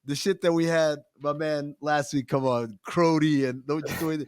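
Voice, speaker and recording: A man hosting a casual podcast, talking loudly and animatedly with plenty of profanity. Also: fairly high pitch, steady tone, normal speed, clean tone, no room sound, clean studio sound. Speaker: podcast host.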